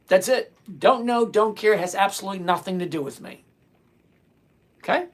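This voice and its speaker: A man's voice: high-pitched, brisk. A man in his sixties hosting a live stream, reading chat questions aloud and answering in a blunt, dismissive way. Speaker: livestream host answering chat.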